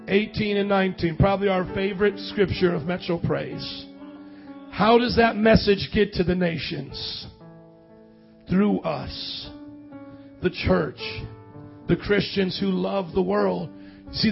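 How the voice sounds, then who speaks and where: A man with a high voice preaches a sermon, rising into impassioned calls and questions that ask the congregation to answer back. The audio is dull and lo-fi, with faint music underneath. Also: vocal fry. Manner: impassioned preaching with call-and-response. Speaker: pastor. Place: church hall.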